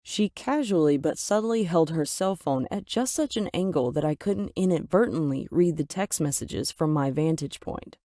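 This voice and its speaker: A woman narrating a first-person story with dramatic, expressive delivery. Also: deep voice, moderate pace, hardly any pauses, dry recording, studio quality.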